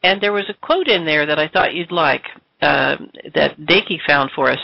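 Warm-toned radio talk show hostess. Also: female voice, low-pitched, normal speed, vocal fry, dry recording, lo-fi sound. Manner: upbeat, chatty, with fillers.

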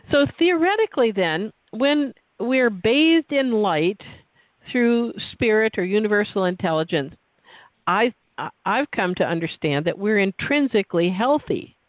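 An interview host telling a personal story and posing questions in a measured, conversational way. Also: medium pitch, animated, no room sound. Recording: tinny phone line, dry.

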